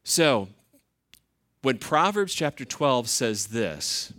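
A man's voice: medium pitch, animated, a little slow, fairly bright tone. Conversational male pastor preaching. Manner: conversational, asks the listeners rhetorical questions. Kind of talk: sermon.

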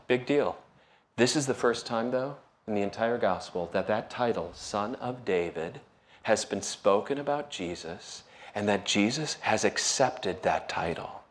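A man preaching a sermon in a relaxed, conversational way, acting out quoted lines with rising and falling voice. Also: fairly low pitch. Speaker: pastor.

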